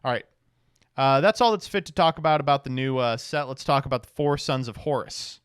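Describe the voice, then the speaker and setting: A man's voice: mid-range voice, a little fast, clean tone, no echo, studio quality. Man reading game cards with blunt asides. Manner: reads card text aloud, then mutters blunt, profane reactions. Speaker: streamer. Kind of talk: casual card review commentary.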